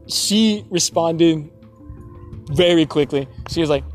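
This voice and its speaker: A man's voice: on the high side, fairly even intonation, slow, long pauses, soft background music. Rambling young man telling a story. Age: young adult. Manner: rambling and chatty, many fillers and self-corrections, laughs often. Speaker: college student telling a story. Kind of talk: casual anecdotal storytelling.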